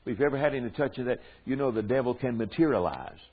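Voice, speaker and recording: Older Southern preacher, husky, tinny recording. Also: male voice, mid-range voice, animated. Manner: drawn-out emphatic delivery with folksy asides. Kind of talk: sermon teaching to men.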